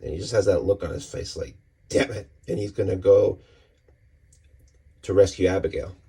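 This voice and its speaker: Guy with a low husky voice rambling thru a comic recap, laid back. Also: moderate pace. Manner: relaxed, rambling with fillers. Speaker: comic book reviewer. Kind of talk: casual comic review.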